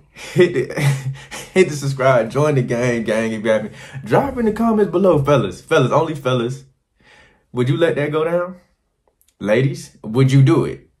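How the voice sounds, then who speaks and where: A man vlogging to camera, telling crude, rambling stories in an animated, casual way. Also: mid-range voice. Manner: animated, crude and rambling, slipping into quoted voices. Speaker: travel vlogger.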